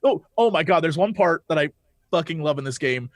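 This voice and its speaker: A man on a podcast, chatting excitedly about games, swearing and acting out lines of dialogue. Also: on the high side, brisk, dry recording. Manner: excitable, profane, acts out dialogue. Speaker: podcast guest. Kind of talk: casual chat about games.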